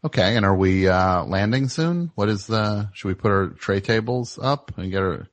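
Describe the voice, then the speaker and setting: Low-voiced male talk show host. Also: moderate pace. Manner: teasing, riffing and rambling. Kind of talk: comedic call-in chat.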